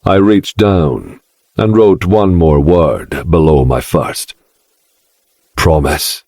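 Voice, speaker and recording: A man with an extremely deep voice narrates in a slow, brooding first-person style. His tone is husky, and the recording is dry and close. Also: expressive, dry recording. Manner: slow, brooding, dark delivery. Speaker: audiobook narrator.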